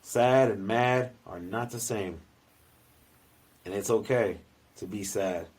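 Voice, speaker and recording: A man with a fairly low voice chats casually on a podcast. He talks loosely, full of slang, and swears freely. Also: takes it slowly, a little mellow, slightly rough, poor audio. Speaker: podcast co-host and youth coach. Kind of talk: casual chat.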